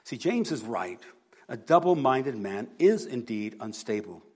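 A man preaching a sermon, earnest, moving between hushed and emphatic delivery. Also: medium pitch, sing-song, a little slow, slightly rough. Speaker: pastor.

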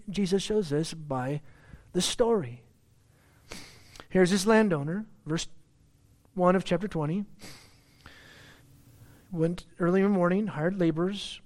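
A man preaching a sermon in a conversational way, often repeating words and restarting, then rising in pitch and loudness to stress a point. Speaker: pastor.

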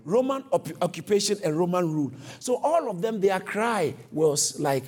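A man preaching a sermon, animated, acting out quoted speech and often correcting himself mid-sentence. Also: high-pitched, normal speed, hardly any pauses. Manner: animated, acts out quotes, frequent self-corrections.

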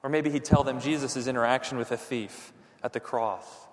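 A man preaching a sermon as pastor, animated, dropping to near whispers for emphasis. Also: medium pitch, normal speed, in a large hall, slight background noise.

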